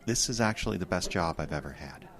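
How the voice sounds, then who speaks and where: An actor playing a mild-mannered former high school teacher turned radio writer in a comedic radio drama, self-deprecating and quick to panic. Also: male voice, lively intonation. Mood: easygoing. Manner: self-deprecating, growing frantic when worried.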